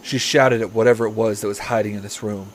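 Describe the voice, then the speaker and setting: A man hosting a comedy podcast, reading a story aloud in a deadpan voice that he breaks with swearing and asides. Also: fairly low pitch, quick pace, a little hiss or hum. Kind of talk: comedic read-aloud with banter.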